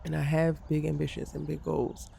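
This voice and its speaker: A woman speaks straight to her viewers in a candid vlog, her voice carrying a gravelly, creaky edge. She vents frankly about the pressures of her day, and her pitch stays fairly flat throughout. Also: normal speed, slight background noise. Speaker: content creator.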